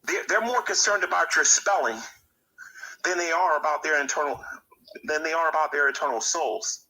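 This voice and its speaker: A man's voice: a little high, normal speed, bright, forceful tone, poor audio. A man giving a preachy, indignant rant as a YouTuber, often stumbling into repeated words. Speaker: YouTuber ranting about his community. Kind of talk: monologue rant to camera.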